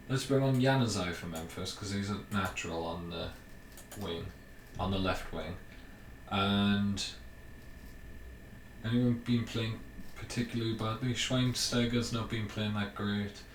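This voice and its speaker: A young man giving casual commentary over a video game he is playing, thinking aloud with ums and bursts of excitement. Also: fairly low pitch. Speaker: gaming YouTuber. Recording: roomy, mic at a distance, faint hiss.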